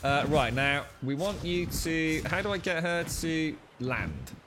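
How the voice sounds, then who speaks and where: Talking to his pet creature with jokes and curses, this male streamer delivers live game commentary slowly and expressively at a fairly high pitch. The game's music is plainly audible underneath, creating background noise.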